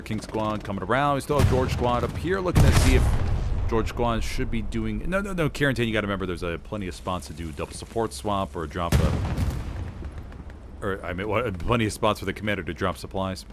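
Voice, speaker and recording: A man doing live play-by-play commentary on a competitive shooter match, lively and prone to sudden exclamations. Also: lowish voice, background noise. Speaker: competitive game caster. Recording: game gunfire and artillery clearly heard behind. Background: game gunfire and explosions.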